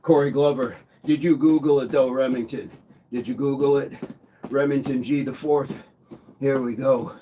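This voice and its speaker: Man at a medium pitch, hosting a live workout and greeting chat by name, with a faint hiss behind him. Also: fairly even intonation, moderate pace, mellow. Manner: counts reps aloud, greets viewers by name. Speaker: fitness livestream host.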